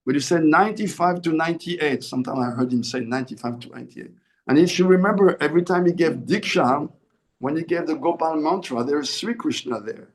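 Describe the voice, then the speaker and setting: Earnest swami man, fairly high voice. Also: fairly quick. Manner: earnest, repeats and corrects himself mid-phrase. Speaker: swami giving a spiritual discourse. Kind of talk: sermon.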